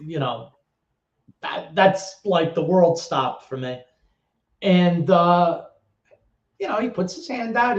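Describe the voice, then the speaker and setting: A man in his thirties, a guest telling a story in a casual interview, lively, swearing, and acting out other people's voices. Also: on the high side, takes it slowly, long pauses. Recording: echoey, dull lo-fi sound.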